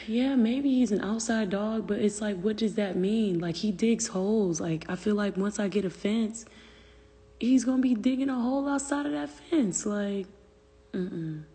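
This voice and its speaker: A woman's voice: mid-range voice, unhurried, mellow, slightly rough, in a large hall. A young woman venting on a phone livestream, profane and exasperated, answering viewer comments aloud. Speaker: livestream host. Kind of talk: casual livestream rant.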